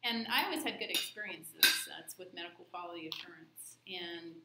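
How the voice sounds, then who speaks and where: A woman's voice: on the low side, brisk. Woman telling stories in an echoey room. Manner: animated storyteller, acts out whispered exchanges. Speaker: leadership trainer. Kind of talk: casual group check-in chat. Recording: echoey room with clear background noise.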